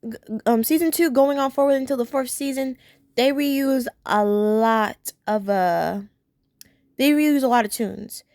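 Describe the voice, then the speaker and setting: A woman talking through a cartoon episode in a loose, rambling review. She has a fairly high voice and often restarts her sentences as she gushes. The sound is dry and close, with no room behind it. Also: measured pace, darkish tone, no room sound. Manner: gushing, acts out characters' lines in voices. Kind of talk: casual video review.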